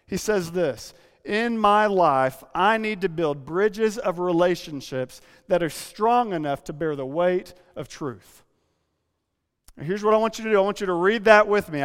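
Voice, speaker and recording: A man's voice: high voice, clear, resonant tone. Man preaching in a reverberant church. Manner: personal, confessional storytelling with frequent restarts. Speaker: pastor. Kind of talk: sermon. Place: church sanctuary. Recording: long hall reverb.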